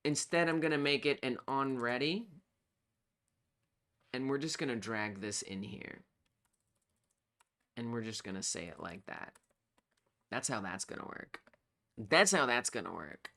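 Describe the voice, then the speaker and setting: A game developer on a live coding stream, thinking aloud while debugging, excitable and self-talking. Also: mid-range voice, a little slow, long pauses.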